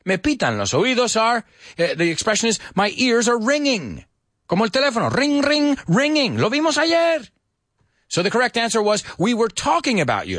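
Male radio teacher, rapid, playful, swooping intonation, dry close mic. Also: high-pitched, no room sound. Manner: lively, teasing, switches between English and Spanish; talks fast. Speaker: English teacher and radio show host. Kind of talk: bilingual English lesson, casual.

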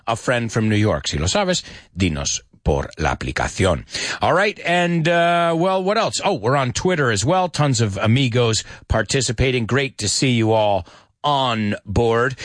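A man hosting a casual radio show lesson, chatty and animated, explaining expressions and repeating key words. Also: mid-range voice, moderate pace, no echo, clean studio sound. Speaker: radio host and English teacher.

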